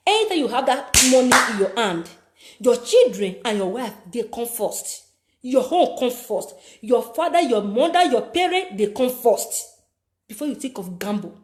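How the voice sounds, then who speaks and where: A woman's voice: on the high side, lively intonation, normal speed, a little mellow. A woman with a Nigerian accent giving preachy life advice, repeating phrases for emphasis. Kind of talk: motivational talk to camera.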